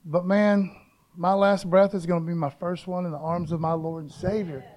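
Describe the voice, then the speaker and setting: High-voiced laid-back preaching man. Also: fairly even intonation, normal speed, darkish tone, slight background noise. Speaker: pastor. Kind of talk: casual sermon.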